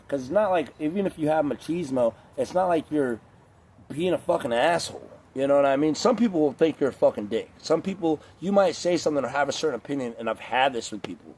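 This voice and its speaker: A man's voice: on the high side, animated, fast, darkish tone, slight background noise. A man talking straight to camera in a casual, rambling rant, swearing often and leaning on filler words. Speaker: vlogger.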